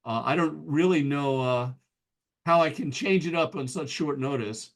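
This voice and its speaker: A man's voice: fairly high pitch, moderate pace. An American man giving a casual, self-deprecating presentation to an astronomy club as a guest speaker, full of ums and restarts. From United States.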